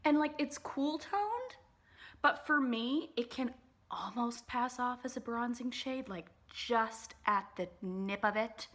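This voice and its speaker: A woman's voice: on the high side, slow, fairly bright tone. Chatty woman doing a makeup tutorial, lots of "like", bubbly, whispers little asides here and there. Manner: bubbly and chatty, many "like" fillers. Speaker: beauty vlogger. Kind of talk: casual makeup tutorial chat.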